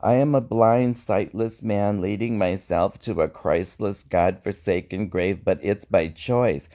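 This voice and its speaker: A man reading his own spoken-word poetry in a slow, wry, reflective way. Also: on the low side, mellow. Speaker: poet.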